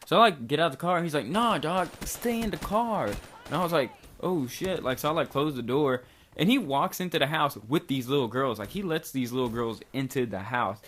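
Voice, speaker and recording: A man's voice: mid-range voice, fairly bright tone, a little hiss or hum. A young man from Kentucky casually telling a long rambling story, full of slang and filler words. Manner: rambling, loose slang, lots of likes and dudes. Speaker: vlogger.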